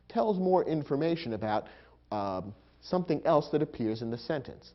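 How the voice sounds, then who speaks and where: A man's voice: mid-range voice, sing-song, normal speed, highs cut off. A man teaching a lesson in scripted instructional narration, patient and explanatory.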